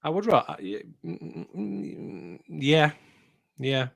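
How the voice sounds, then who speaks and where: A man's voice: fairly high pitch, very animated, takes it slowly, vocal fry. A man hosting a running podcast from his home office, chatting casually and laughing at himself. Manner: chatty, laughing, self-mocking. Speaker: podcast host. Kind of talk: casual chat.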